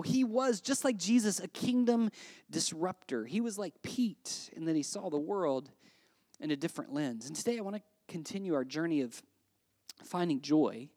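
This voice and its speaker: A pastor preaching a sermon in a chatty, animated way, often checking in with "right?" and swinging between quiet and loud. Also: medium pitch. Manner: conversational, with frequent "right?" asides.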